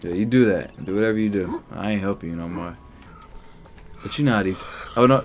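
A young man giving let's play commentary, loud and excitable, talking back to the characters on screen. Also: lowish voice, brisk, long pauses, background noise. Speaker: gaming YouTuber.

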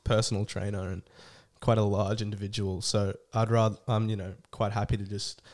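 A man's voice: fairly low pitch, flat delivery, a little fast, a little mellow. A young man co-hosting a sports podcast, bantering in a wry, teasing way. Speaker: podcast co-host. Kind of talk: casual banter.

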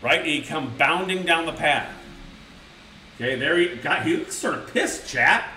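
A man's voice: a little high, lively intonation, unhurried, pushed and bright, a little hiss or hum. A man streaming, reading a children's book aloud to his live chat with crude, rambling, mock-outraged asides. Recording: roomy sound from a distant mic.

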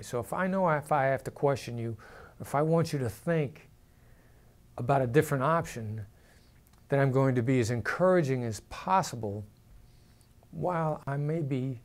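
A man, a negotiation expert, explaining technique in a calm, measured talk with deliberate emphasis. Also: mid-range voice.

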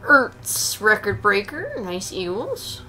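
Excitable woman calling out card pulls. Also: mid-range voice, takes it slowly, soft background music. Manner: excitable, gasping and squealing over good pulls; reads out names in a steady rundown. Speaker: trading card break host. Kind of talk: live stream commentary.

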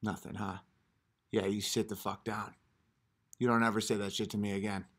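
On his live stream, a man with a lowish, level-toned voice berates his chat with profanity at a moderate pace. He repeats short phrases over and over, veering between muttering and yelling.

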